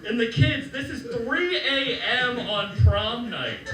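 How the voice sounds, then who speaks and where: A young man doing a stand-up set for a live crowd, telling his stories with animated delivery and acting out the quotes. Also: extremely high pitch, takes it slowly. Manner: animated storytelling, acts out quotes. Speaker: stand-up comedian. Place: comedy club stage. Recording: roomy club sound, mic heard from a distance, crowd noise. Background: audience laughing.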